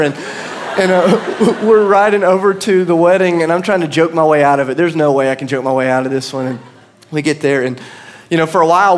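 A man in his thirties with an American accent, preaching a sermon as pastor and telling a story with self-deprecating humor. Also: fairly high pitch.

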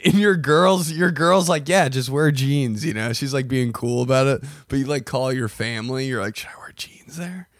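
A man's voice: mid-range voice, fairly even intonation, normal speed, few pauses, no room sound. A man co-hosting a podcast, telling rambling funny stories and acting out his own thoughts. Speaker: podcast co-host. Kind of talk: casual comedic chat.

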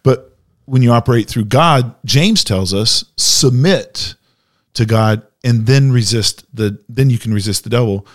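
A man's voice: mid-range voice, unhurried. A man in a church conversation speaking emphatically and with animation, laughing easily.

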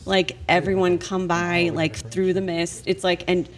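A woman with a fairly low voice chatting casually about films. She tells her stories earnestly, rambling as she goes. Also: flat delivery, measured pace. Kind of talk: casual movie chat.

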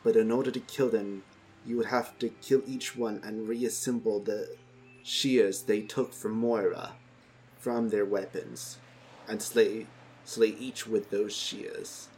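A man's voice: fairly low pitch, steady tone, slow, a little mellow, slight background noise. A man narrating a tabletop game as game master, in a casual, easygoing way. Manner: casual, playing townsfolk in his own voice.

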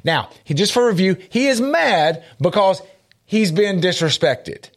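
A man's voice: high-pitched, big pitch swings, a little slow. A man teaching a Bible lesson on a talk show, earnest and repeating his points for emphasis.

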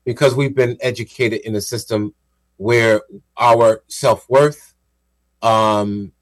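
A male radio co-host talks at an ordinary middle pitch. He explains things in a measured, casual way, building his points step by step.

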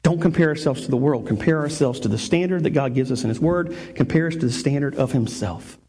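A man's voice: medium pitch, expressive, fairly quick, mellow, slightly rough. A male pastor preaching a sermon, emphatic, repeating key phrases and restarting sentences.

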